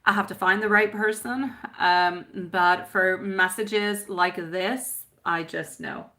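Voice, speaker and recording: Her mid-range voice is steady and sharp, and she speaks slowly. As a tarot reader on a live stream, she chats with viewers, calls them sweetie and my love, and rambles with plenty of fillers.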